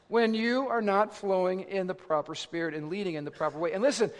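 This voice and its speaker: A male pastor preaching an animated, dramatic sermon with self-mocking humor. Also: sits high, a little fast, few pauses, in a large hall.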